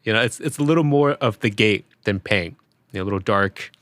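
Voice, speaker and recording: A man's voice: on the low side, fairly quick, fairly bright tone, no echo. A man appearing as a podcast guest, chatting casually with a joking, self-mocking manner. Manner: joking and self-mocking, does silly sound imitations. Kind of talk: casual chat.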